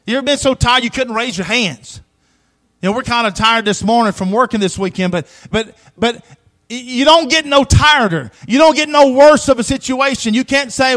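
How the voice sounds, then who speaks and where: A man preaching a sermon with emphatic repetition, swinging between loud declarations and hushed asides, and calling on the congregation for responses. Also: very high-pitched, moderate pace, low-quality recording.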